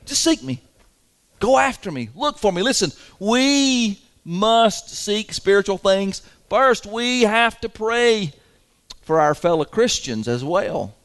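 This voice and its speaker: Folksy, animated male preacher. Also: high voice, takes it slowly. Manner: folksy and emphatic, chuckles often. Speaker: pastor. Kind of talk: sermon. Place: church sanctuary.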